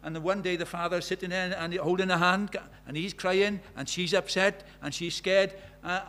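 A man's voice: sits high, fairly even intonation, moderate pace, pushed and bright. A man preaching a sermon in an earnest way, telling stories and asking his listeners many questions.

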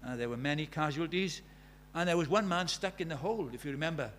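A man preaching a sermon, pleading with his listeners in a voice that rises to urgent calls and sinks to hushed storytelling. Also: on the high side, a little fast.

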